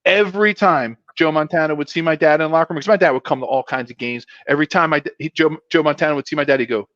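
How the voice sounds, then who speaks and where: A middle-aged former football player tells an animated story and slips into voices for the people he quotes. His voice sits a little high. The sound is dry and slightly muffled. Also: quick pace, no room sound. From Pennsylvania. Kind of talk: casual storytelling.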